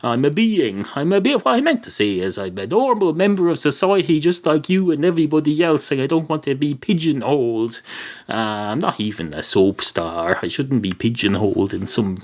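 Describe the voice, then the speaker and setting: A man's voice: a little high, lively intonation, normal speed, pitched above the performer's own voice. An Irish man voicing a touchy, defensive male talking dog who rambles and gets snippy. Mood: indignant. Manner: indignant, rambling, overly polite then snippy.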